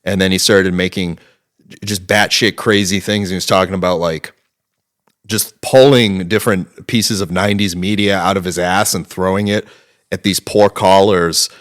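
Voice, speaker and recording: The guest, a man in his thirties, has a low-set, deep voice and talks at a moderate pace. His relaxed interview answers wander through anecdotes, loaded with fillers and casual profanity.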